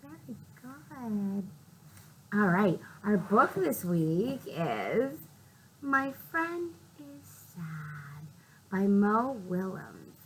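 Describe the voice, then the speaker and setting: A woman librarian reading a storytime for small children, sing-song and often dropping into soft whispers. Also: mid-range voice, big pitch swings, drawn-out words, slight background noise, poor audio.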